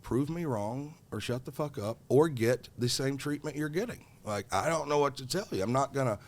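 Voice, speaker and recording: A man's voice: medium pitch, expressive, moderate pace. Heated, profane middle-aged man. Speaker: podcast guest. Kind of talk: casual storytelling.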